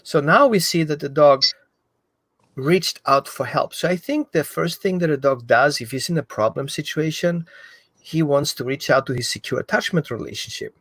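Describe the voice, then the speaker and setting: Dog trainer guy, lively, explains stuff, kinda high voice, dead dry room. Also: normal speed, husky, dry recording. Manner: animated, acts out the dog's thoughts. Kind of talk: explanatory talk.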